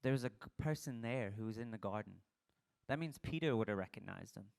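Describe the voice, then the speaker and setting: A man's voice: lowish voice, lively intonation, fairly quick, gravelly, darkish tone. A young man preaches in a casual, conversational style. He retells the scripture like a story and acts out the dialogue of the people in it. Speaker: pastor. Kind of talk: casual sermon.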